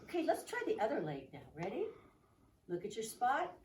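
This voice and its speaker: Woman, children's yoga teacher, animated sing-song coaxing, echoey room, distant mic. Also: a little high, fairly quick, a little hiss or hum. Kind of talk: guided children's movement class.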